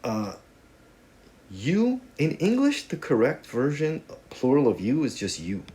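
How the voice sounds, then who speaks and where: A man's voice: mid-range voice, huge pitch swings, a little slow, warm tone. A man teaching a casual video lesson on Spanish grammar, talking in a conversational, joking way with playful asides.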